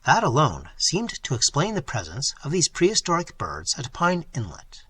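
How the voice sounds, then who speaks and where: A man's voice: on the high side, moderate pace, slightly rough, no room sound. A man narrating a novel in the first person, telling it expressively. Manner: expressive, wide-ranging storytelling. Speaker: audiobook narrator.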